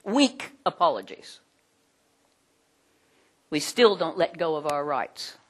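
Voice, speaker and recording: A middle-aged woman teaching a group in a conversational way, animated, with many fillers. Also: deep voice, slow pace, slightly rough. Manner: animated, acts out quoted voices, frequent fillers.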